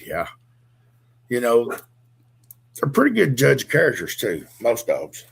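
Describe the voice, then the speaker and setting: A man's voice: mid-range voice, wildly swooping pitch, a little slow, creaky, breathy edge. An older man co-hosting a casual podcast chat, talking in a loose, rambling drawl about his dogs and accents. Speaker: podcast co-host.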